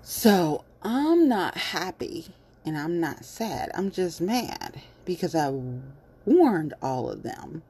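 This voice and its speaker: Woman, low husky voice, lively swings in pitch; blunt commentator who swears freely, casual monologue. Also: slow.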